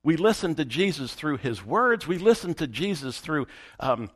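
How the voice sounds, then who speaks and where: A man's voice: on the high side, very animated, moderate pace, fairly bright tone, husky. A man preaching a sermon as pastor, emphatic and repeating his key phrases for weight.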